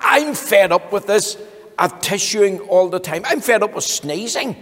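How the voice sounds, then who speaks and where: A man's voice: high voice, expressive, unhurried, fairly bright tone, pitched above the performer's own voice, exaggerated voice. A man voicing a fed-up grown man plagued by sneezing, in a children's storybook reading. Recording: long hall reverb.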